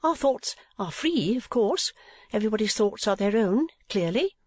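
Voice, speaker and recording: A man's voice: high-pitched, lively intonation, normal speed, a little mellow, dry recording, voice pushed up. A man reading an audiobook, voicing a fussy, talkative middle-aged mother in a raised, swooping voice. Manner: rambling, flustered, swooping. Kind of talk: audiobook character voice.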